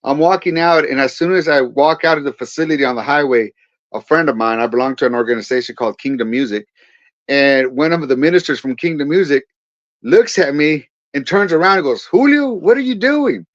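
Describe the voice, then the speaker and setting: A man's voice: medium pitch, brisk, a bit bright, no echo. A man from California's Central Valley, a pastor and veteran, telling his story in a podcast interview and acting out the dialogue as he goes. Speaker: guest, pastor and Marine veteran. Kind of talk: personal testimony in a podcast interview. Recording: dull, dry podcast audio.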